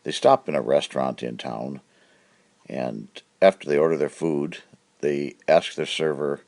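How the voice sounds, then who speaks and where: A man's voice: very deep voice, a little slow, vocal fry, a little mellow. A man hosting a cartoon comedy show, telling jokes in a brash, punchy way. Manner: brash, punchy joke delivery with put-on voices. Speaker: comedy host. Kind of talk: joke-telling comedy monologue.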